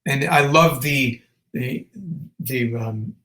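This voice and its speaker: A man chats as a musician guest in a casual interview. He tells his stories animatedly and in a rambling way, full of fillers and restarts, with a mid-pitched voice. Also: slow pace, bright, forceful tone, poor audio.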